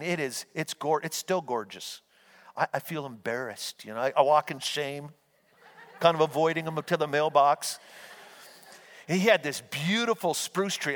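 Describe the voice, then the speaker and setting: A man's voice: a little high, fairly bright tone. A man preaching a sermon as pastor, telling homespun stories and urging his listeners on. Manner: folksy storytelling, earnest and exhorting. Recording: long hall reverb.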